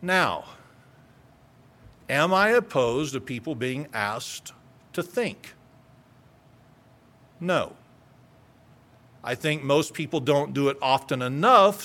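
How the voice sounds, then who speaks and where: A man's voice: a little high, big pitch swings, takes it slowly, long pauses, fairly bright tone. A middle-aged male pastor preaching a sermon, building his points through strings of rhetorical questions and emphatic repetition.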